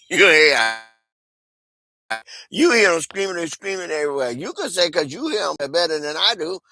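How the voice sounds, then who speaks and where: A man rants with a rough, gravelly edge, laughing and cursing as he talks. His pitch leaps and drops all over the place, falling to low mutters and then jumping up into loud cries. The sound is dry and close. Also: animated, normal speed, pauses often, no room sound. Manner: laughing, profane, swings from mutters to shouts. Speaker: commentator. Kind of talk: casual rant on a call.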